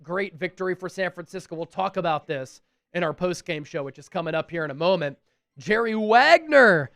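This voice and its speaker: A man with a high voice hosts a casual live sports stream, reading fan messages aloud and thanking each sender. The sound is dry and close. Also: a bit bright, no echo.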